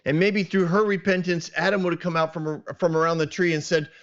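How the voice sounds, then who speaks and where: A podcast host who teaches scripture reflects earnestly on a passage, thinking aloud and often restarting his sentences. His voice is fairly high-pitched with little pitch movement and a brisk pace, and the lo-fi recording sounds dull.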